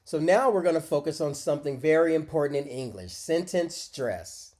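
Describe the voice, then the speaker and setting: A man teaching a short English lesson, speaking deliberately and modeling phrases for learners to repeat. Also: on the high side, lively intonation, a little mellow. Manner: slow, deliberate, encouraging, models phrases aloud for repetition. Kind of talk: scripted micro-lesson with screen demo.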